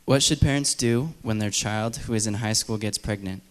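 A man moderating a panel, reading out audience questions in a plain, steady way. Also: on the low side, moderate pace.

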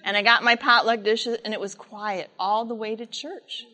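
A woman speaking to a church congregation, with a slightly high voice. She tells a story in a lively, animated way and keeps turning to her listeners with asides. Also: normal speed. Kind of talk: storytelling sermon talk.

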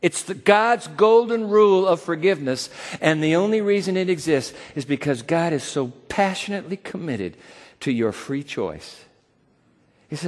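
A man preaching a sermon as pastor, dramatic, acting out quoted voices and swinging between loud and soft. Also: fairly high pitch, lively intonation, moderate pace, big-room sound.

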